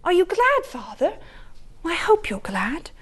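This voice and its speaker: A woman's voice: very high-pitched, huge pitch swings, a little slow, pitched above the performer's own voice, full character voice. A woman voicing an eager young boy with a put-on Yorkshire accent, stammering with joy in a dramatic story reading. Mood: eager, overjoyed. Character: sickly young boy, newly well, overjoyed.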